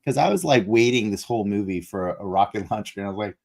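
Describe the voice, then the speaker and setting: Gravelly man rambling about movies. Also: on the low side, a little fast. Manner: rambling, animated, many restarts. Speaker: podcast co-host. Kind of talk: casual movie discussion.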